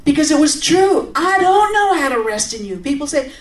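A woman's voice: high-pitched, moderate pace. Earnest woman preaching a testimony, roomy. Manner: earnest, conversational, with sudden animated outbursts. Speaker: speaker giving a testimony. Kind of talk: testimony sermon. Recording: roomy, from a distance.

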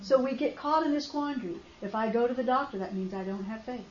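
A woman telling a faith testimony, swinging from hushed storytelling to loud outbursts. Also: fairly high pitch, fast talker, few pauses, slight background noise. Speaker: speaker sharing a faith testimony. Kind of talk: emotional personal testimony. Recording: roomy, slightly dull recording.

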